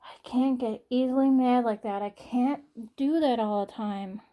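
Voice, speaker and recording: Young woman vlogger, slightly high voice, halting and repetitive, sighs a lot. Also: warm tone. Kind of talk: personal vlog monologue.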